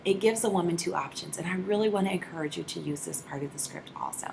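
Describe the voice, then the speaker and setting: Lively woman sales trainer. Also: on the low side, quick pace, vocal fry, hardly any pauses, slight background noise. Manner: lively, acts out both sides of phone calls. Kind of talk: training talk.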